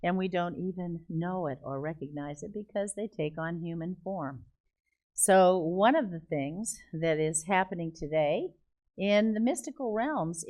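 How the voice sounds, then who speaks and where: An older woman shares a personal story with animated, emphatic delivery, breaking into laughter often. Her voice sits fairly low for a woman. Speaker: guest speaker. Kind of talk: storytelling testimony.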